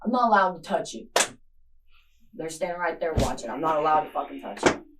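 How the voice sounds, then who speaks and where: A mother of a missing child speaks briskly in a low-sitting voice with lively intonation, swearing as she angrily pleads with and confronts someone in an interrogation room. The emotional scene is captured by a far-off surveillance camera, with faint noise.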